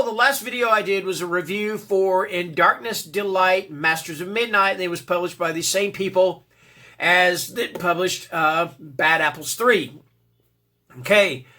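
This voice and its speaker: A man's voice: sits high, bright, forceful tone. A man giving a casual, rambling spoken book review, full of fillers and checking in with "all right?". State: occasional cough and throat clearing.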